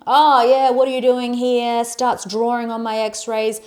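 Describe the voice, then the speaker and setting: A young adult woman on a podcast, telling a story in a lively, casual way, swearing and acting out quotes in a loud voice. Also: fairly high pitch, a little slow. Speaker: podcast co-host.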